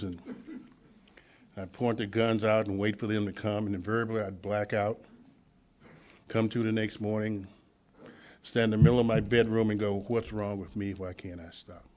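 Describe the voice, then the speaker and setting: Low-voiced man telling his story. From Los Angeles. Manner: storytelling, acts out dialogue, swings from hushed to loud. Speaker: recovery meeting speaker. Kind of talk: personal testimony at a meeting.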